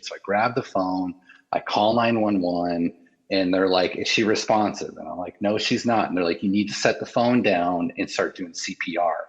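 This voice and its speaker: A man in an interview, telling a painful personal story in a halting, emotional way with many restarts. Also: low voice, breathy edge, low-quality recording.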